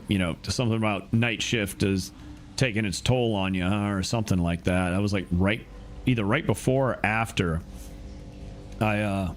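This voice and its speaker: A man's voice: fairly low pitch, a little hiss or hum. Rambling young man streaming a game. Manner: rambling, many fillers and restarts. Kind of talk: casual gaming commentary.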